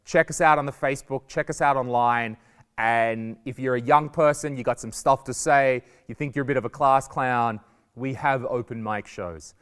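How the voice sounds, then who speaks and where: A man with an Australian accent, a comedian talking to students in a lively, jokey way and acting out little quoted voices. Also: medium pitch, smooth, big-room sound. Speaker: comedian giving a guest lesson. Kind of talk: lively stand-up style talk to students.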